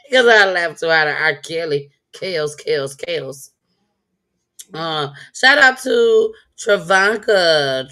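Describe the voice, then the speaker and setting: Bright-voiced laughing woman streamer. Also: medium pitch. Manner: laughs often, animated, greets chat by name. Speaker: live-stream commentary host. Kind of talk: casual live-stream chat.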